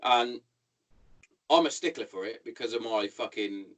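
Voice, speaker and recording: A man in his thirties with an English accent, hosting a podcast in casual, sweary, animated chat. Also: mid-range voice, normal speed, low-quality recording. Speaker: podcast host.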